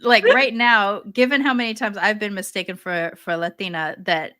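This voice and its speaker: A woman's voice: mid-range voice, fairly even intonation, normal speed, a bit bright, no echo, clean studio sound. A woman co-hosting a podcast, talking casually and thoughtfully, with many fillers and restarts. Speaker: podcast co-host. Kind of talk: casual chat.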